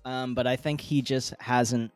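A man co-hosting a casual podcast, tossing out deadpan jokes. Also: mid-range voice, measured pace, dry recording, faint music behind. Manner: joking, deadpan quips. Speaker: podcast co-host.

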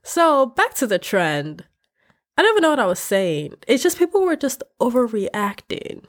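A woman's voice: fairly high pitch, normal speed. Candid woman ranting on her podcast. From West Africa. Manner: animated, candid and ranting, with frequent laughs. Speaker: podcast host. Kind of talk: casual podcast rant. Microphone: podcast microphone.

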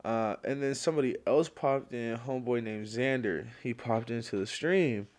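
A man's voice: medium pitch, normal speed. Rambling young man on a solo podcast. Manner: rambling, slangy storytelling with lots of fillers; gets loud and worked up when ranting. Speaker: podcast host. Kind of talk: casual solo podcast chat.

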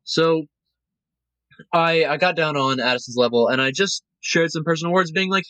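A man tells a heartfelt story in a fairly high voice, animated and openly emotional. He acts out other people's voices as he goes. The sound is dry and close, with no room around it. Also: moderate pace, dry recording, poor audio. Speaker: guest, cruise line cast member. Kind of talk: casual podcast storytelling.

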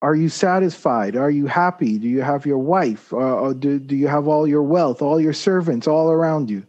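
A man voicing a calm, wise male spiritual teacher who asks gentle questions. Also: on the high side, moderate pace, dull audio, lightly acted. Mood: gently probing.

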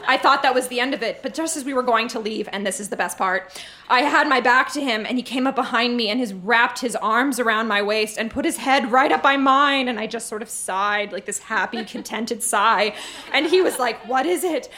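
Bright-voiced woman reading a diary on stage. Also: on the high side, moderate pace. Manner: dramatic, gushing delivery with comic timing. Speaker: live show reader. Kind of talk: reading teenage diary aloud to a live audience. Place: stage before a laughing audience.

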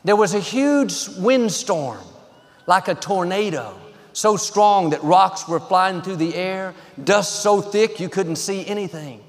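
A man's voice: sits high, takes it slowly, long reverb tail. A man preaching an encouraging sermon as pastor, speaking in short rhythmic phrases and firm declarations.

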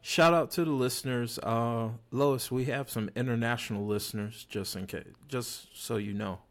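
A man's voice: medium pitch, steady tone, normal speed. A man hosting a podcast in casual chat, a little tipsy, talking in a laid-back, slangy, joking way. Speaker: podcast host.

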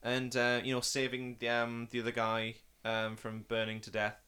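A young man hosting a casual film chat, rambling with fillers and restarts and bursting into excited impressions. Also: medium pitch, moderate pace, clean tone. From Northeast England. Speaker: podcast host.

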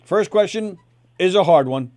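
A man co-hosting a comedy radio show, telling stories in animated casual banter. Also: high voice, moderate pace. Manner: animated storyteller.

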